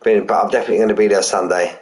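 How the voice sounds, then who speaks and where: A man's voice: lowish voice, fairly even intonation, rapid-fire, darkish tone, rough recording. A man commentating a sim racing league, casual and chatty, calling drivers "mate" and saying he's buzzing for them. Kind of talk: live race commentary and chat.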